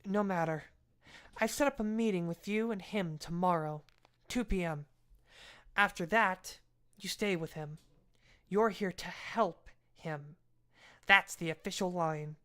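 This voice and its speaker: A woman voicing a gruff, suspicious male police captain who barks blunt orders in a raised voice. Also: on the low side, unhurried, pauses often, fairly bright tone. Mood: commanding.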